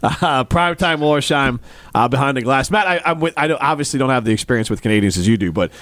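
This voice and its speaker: A man hosting a sports radio show, animated, laughing easily and telling stories. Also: mid-range voice, fast, no echo. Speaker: radio host. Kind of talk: casual radio sports talk.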